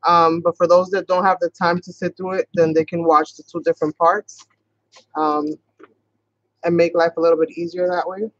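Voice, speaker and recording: A woman's voice: on the low side, flat delivery, no echo, highs cut off. A woman from New York with a Boston-sounding accent, chatting casually and rambling as she hosts a craft tutorial livestream. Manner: chatty, rambling, talks fast at times. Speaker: craft channel host.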